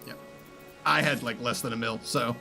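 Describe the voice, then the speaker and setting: A man from the southern United States chatting casually on a game stream, self-mocking and quick to laugh. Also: medium pitch, steady tone, vocal fry, over music. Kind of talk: casual gaming stream chat.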